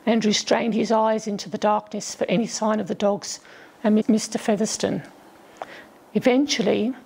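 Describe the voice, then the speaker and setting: Gravelly woman reading a storybook. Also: fairly high pitch, a little mellow, rough recording. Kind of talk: storybook narration.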